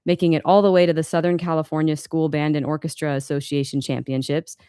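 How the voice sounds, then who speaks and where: A woman's voice: deep voice, level tone, fast talker, warm tone, smooth, no echo, clean studio sound. A woman in her thirties, from Los Angeles, reading her own memoir aloud live with a candid, wry manner and occasional self-corrections. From Los Angeles, USA.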